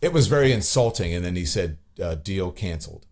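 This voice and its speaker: A man's voice: deep voice, lively intonation, fast talker, a little mellow. A man, a podcast guest telling his story candidly with many restarts and fillers. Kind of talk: podcast interview.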